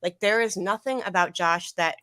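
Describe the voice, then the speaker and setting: As a livestream guest, a young woman recounts an emotional personal story, going in circles and repeating herself as her voice occasionally catches. She speaks on the low side at a moderate pace with a slightly bright tone, captured in clean studio sound without echo.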